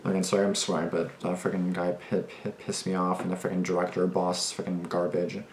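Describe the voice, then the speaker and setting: A man's voice: low-pitched, completely flat delivery, a little fast, a little hiss or hum. A young man hosting a reaction video, talking casually in a rambling, agitated way with plenty of swearing and restarts. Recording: echoey room.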